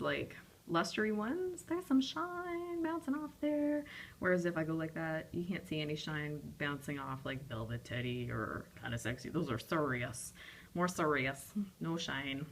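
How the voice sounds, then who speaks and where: A woman's voice: on the low side, slight background noise. A young woman casually reviewing lipstick swatches, chatty and rambling, with frequent ums and apologies. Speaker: beauty vlogger.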